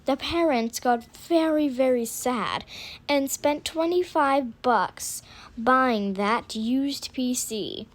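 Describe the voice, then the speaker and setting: A woman improvising a story out loud, often stopping and correcting herself mid-sentence. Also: high-pitched. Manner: halting, with restarts and self-corrections.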